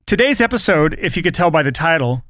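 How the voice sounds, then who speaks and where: Man, young adult, podcast co-host, wry and teasing, slightly higher voice, dry studio sound. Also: very animated, fast, fairly bright tone, no echo. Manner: teasing, wry, laughs often. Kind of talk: casual chat.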